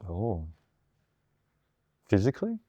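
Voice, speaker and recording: A man, a startup founder, telling animated stories in casual conversation, swearing and mimicking others' voices. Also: fairly low pitch, slow pace. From Australia.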